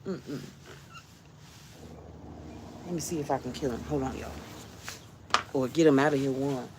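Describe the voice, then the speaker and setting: A woman's voice: very deep voice, a little slow, noisy background. A woman vlogger talking casually to her viewers, chatty and jumpy, laughing often as she frets.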